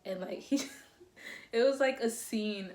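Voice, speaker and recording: Slow, giggly young woman telling a story. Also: on the high side. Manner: giggly, breaks into laughter often; animated, dramatic retelling. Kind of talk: casual storytime chat.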